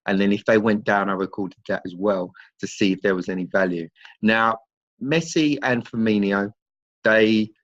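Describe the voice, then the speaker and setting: A man's voice: on the low side, dry recording. Man with a dry, dull sound. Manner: relaxed, loose grammar, runs through figures. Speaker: trading strategy presenter. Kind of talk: casual explanatory talk.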